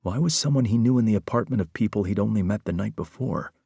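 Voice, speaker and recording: A male audiobook narrator with a low voice and measured storytelling delivery. The read is scripted and steady. The sound is dry and close, with no room echo. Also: creaky, slightly rough.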